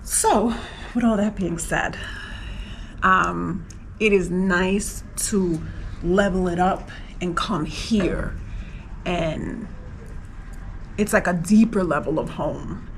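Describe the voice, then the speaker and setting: A woman's voice: on the low side, slow pace, pauses often, a little hiss or hum, poor audio. Chatty New woman vlogger. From New York, USA. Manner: emotional, rambling, lots of "like" fillers. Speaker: travel vlogger. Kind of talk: casual personal vlog.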